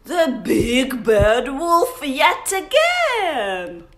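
Her high-pitched voice swoops wildly and draws out words, with a little hiss or hum in the background. She's a Russian English teacher reading a picture book playfully to young children, using sound effects and whispers.

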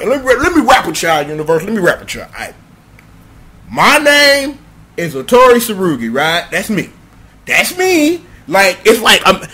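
Brash, bragging veteran hero, as a man puts him on, high and loud. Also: husky, heavily acted. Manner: swaggering, bragging street slang. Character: brash boastful male hero, cocky veteran fighter.

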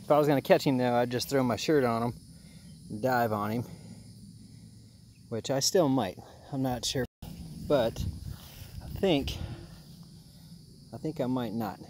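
A man giving casual, joking commentary outdoors by a pond while fishing, excitable and quick to chuckle. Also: mid-range voice, a little hiss or hum. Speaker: fishing vlogger.

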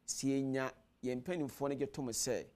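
A man's voice: mid-range voice, fairly quick, darkish tone. A man with a Ghanaian accent, a clergyman guest on a studio panel, speaking firmly and defiantly in Twi and English and reaching for proverbs. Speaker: clergyman guest addressed as Father.

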